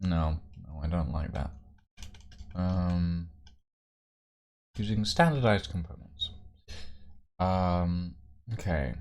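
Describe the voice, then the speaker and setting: A man's voice: low-pitched, slow, pauses often, darkish tone. A man hosting a livestream, chatting casually and playfully, rambling and muttering to himself as he writes. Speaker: livestream host.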